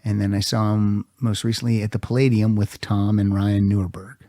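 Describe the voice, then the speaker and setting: A man hosting a podcast, telling a story in a lively, laughing way. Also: fairly low pitch, moderate pace, dry recording, clean studio sound. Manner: animated storyteller, laughs often. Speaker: podcast host. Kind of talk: casual podcast chat.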